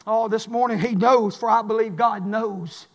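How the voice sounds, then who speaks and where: A man, preaching a sermon in an impassioned, shouting cadence in a church. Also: high voice, fairly even intonation, moderate pace. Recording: long reverb of a large hall.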